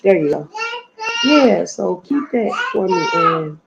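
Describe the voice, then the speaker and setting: A middle-aged woman with a heavy, slightly gravelly voice that sits on the lower side. She chats casually on a livestream from her apartment. She meanders between thoughts, filling the gaps with plenty of ums. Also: very animated, takes it slowly, dull audio, very noisy. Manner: chatty and meandering, with many fillers and lost trains of thought. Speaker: livestream host. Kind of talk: casual rambling chat. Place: apartment at home.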